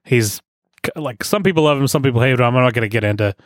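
A man's voice: mid-range voice, fast, dry recording, studio quality. A man co-hosting a podcast, chatting casually and asking curious questions. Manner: curious, asks many questions. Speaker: podcast co-host. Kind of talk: casual chat.

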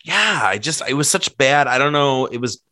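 A man's voice: mid-range voice, expressive, moderate pace, sharp tone, no room sound. A man telling stories in casual chat, rambling and packed with filler words. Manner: laughs while telling stories.

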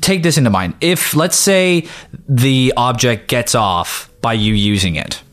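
A man's voice: medium pitch, lively intonation, unhurried, a bit bright. A man hosting a casual podcast, joking and swearing as he introduces a segment. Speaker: podcast host. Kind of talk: casual chat.

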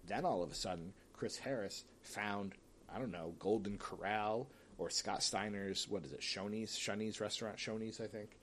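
A man's voice: on the low side, normal speed, a bit bright, slight background noise. A man talking casually on his own, picking winners of wrestling matchups with chatty, opinionated asides and the odd sigh. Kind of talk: casual solo commentary.

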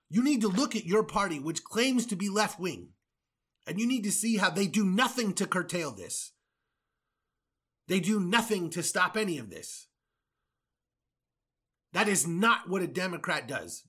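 Heated, high-voiced American man ranting. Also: bright, forceful tone, husky. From United States. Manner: heated, profane, sarcastic asides. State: angry. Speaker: podcast host. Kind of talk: angry political rant.

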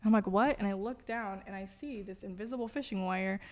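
A woman tells a personal story in a relaxed, conversational way. She is animated and acts out her own past thoughts as little quoted lines. She sits for an interview recorded inside a church. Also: mid-range voice, brisk. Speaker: guest.

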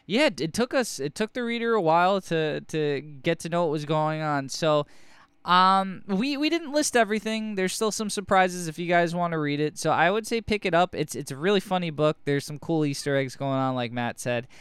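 Male co-host, very clean crisp voice, loose and jokey, curses freely, dry close-mic sound. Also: on the high side, lively intonation, normal speed, fairly bright tone, no echo. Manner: rambling, profane, jokey. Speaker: podcast co-host. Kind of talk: casual comic book review chat.

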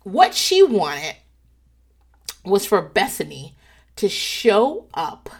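Profane, animated woman dishing gossip. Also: medium pitch, extremely slow, breathy edge. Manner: animated, profane storytelling with laughs and acted-out quotes. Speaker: podcast host. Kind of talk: casual gossip commentary.

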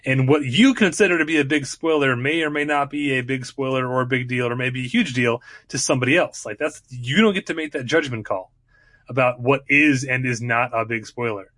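A man's voice: mid-range voice, a little fast, fairly bright tone, no room sound, clean studio sound. A man co-hosting a podcast, making an emphatic, opinionated point in casual chat. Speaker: podcast co-host.

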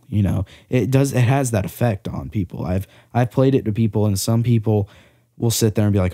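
Mellow-voiced man chatting on a podcast. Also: on the low side, fast talker, dry recording, clean studio sound. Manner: rambling, self-deprecating, many fillers and restarts. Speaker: podcast host and musician. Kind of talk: casual podcast chat. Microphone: studio mic with pop filter.

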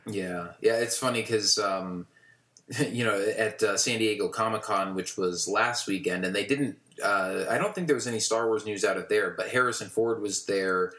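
A low-voiced man co-hosts a casual podcast in a room with noticeable echo. His tone is fairly bright and his speed normal, but he rambles with lots of fillers and restarts.

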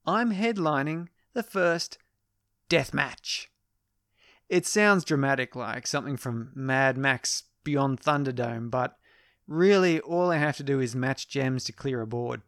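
A man tells a first-person story in a casual, wry, self-deprecating way. His voice sits at a middle pitch and the recording is dry and close. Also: a little slow, a bit bright, no room sound. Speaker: podcast storyteller.

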